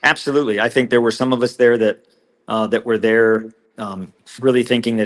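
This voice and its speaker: A man, recounting what he witnessed as a guest in an interview, earnest and halting with frequent restarts. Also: medium pitch, fairly even intonation. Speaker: whistleblower guest.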